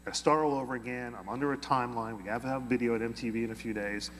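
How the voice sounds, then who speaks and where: A man being interviewed, telling an anecdote in a lively way and acting out the quoted dialogue. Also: mid-range voice, racing, in a large hall, a little hiss or hum. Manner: animated, acts out quoted dialogue. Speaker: interview guest. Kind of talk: anecdotal storytelling.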